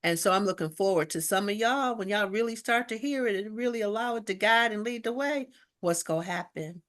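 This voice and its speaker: An animated woman minister in casual chat, telling stories and putting on the voices of others. Her talk is slangy and spiritual, with a middle pitch. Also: brisk. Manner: animated storyteller, acts out quoted voices. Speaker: guest minister.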